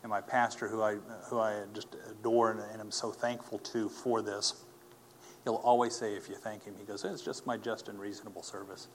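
A man telling a personal faith testimony as a story, earnest and animated, acting out the people he quotes. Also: lowish voice, normal speed, a little hiss or hum. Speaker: speaker giving a personal testimony.

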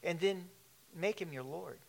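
Man, pastor preaching, animated, laughing asides, fairly high voice. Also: measured pace, vocal fry. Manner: animated, laughing asides, shifts between loud and hushed. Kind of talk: sermon.

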